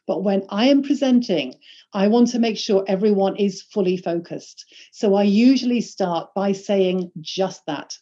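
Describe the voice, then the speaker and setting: A woman leading an online workshop on presenting, giving instructions in a clear and emphatic way. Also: mid-range voice, a little slow, dark tone, lo-fi sound. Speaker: presentation skills trainer.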